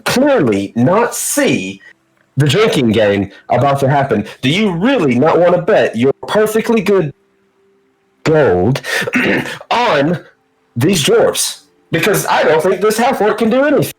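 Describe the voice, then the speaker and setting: A man's voice: a little high, very animated, a little slow, husky, pitched above the performer's own voice, full character voice, rough recording. A man voicing a showy male goblin bookie who hawks bets to a crowd. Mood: hawking. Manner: showman, hawking bets.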